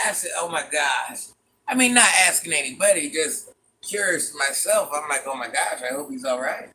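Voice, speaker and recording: Speaking in a slightly high voice with a sharp edge, this man hosts a casual livestream in character as a granny. He greets viewers by name, calls them "child" and "honey bun," and repeats lines for effect in a chatty, dramatic way.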